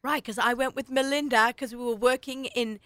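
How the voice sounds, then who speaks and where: A middle-aged woman with an Australian accent hosting a radio talk show, chatty and quick to laugh. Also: fairly high pitch, fairly even intonation, fairly bright tone, no echo. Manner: chatty, laughs often, does little voices when quoting. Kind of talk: casual chat.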